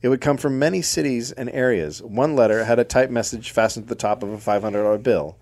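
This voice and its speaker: A man's voice: medium pitch, quick pace, a little mellow. A middle-aged man co-hosting a comedy podcast, recounting a story with dry, sardonic asides. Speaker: podcast co-host telling a history story.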